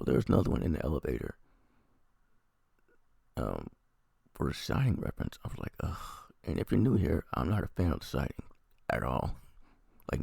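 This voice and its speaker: Gravelly deep-voiced man reviewing TV. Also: dark tone, no room sound, clean studio sound. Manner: rambling, profane plot recap. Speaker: TV review vlogger. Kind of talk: casual episode review.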